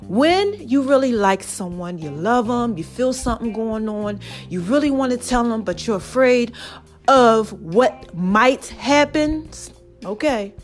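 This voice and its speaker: A woman's voice: on the high side, animated, unhurried, soft background music. A woman hosting her own podcast, telling a story in a casual way and speaking straight to her listeners. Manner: chatty, addresses listeners directly, repeats "baby" and "okay". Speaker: podcast host.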